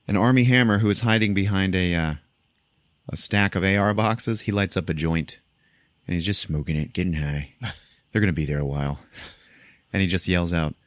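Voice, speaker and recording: A young man with a deep voice hosts a casual podcast and recaps a film scene by scene. He tells it loosely and animatedly, jumping into high voices for the characters. The sound is close and dry. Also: normal speed, dry recording. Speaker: podcast host.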